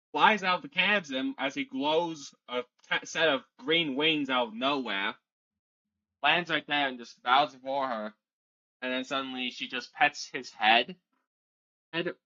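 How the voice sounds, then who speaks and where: A man narrating as game master in a tabletop game, in an unhurried, rambling way. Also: mid-range voice, pushed and bright, muffled recording.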